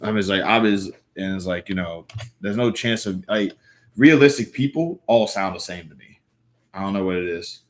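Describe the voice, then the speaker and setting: Slight background noise sits behind a young livestreamer whose low voice moves at a moderate pace. Chatting casually and reading comics aloud, he rambles, fills gaps with fillers, and restarts or corrects himself frequently.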